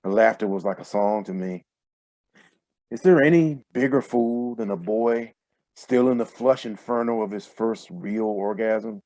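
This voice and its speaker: Man reading his story in a low, dry voice. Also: measured pace, mellow, dry recording. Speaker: author reading his fiction. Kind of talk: live reading of a first-person story. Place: home, on a video call. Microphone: computer mic on a video call.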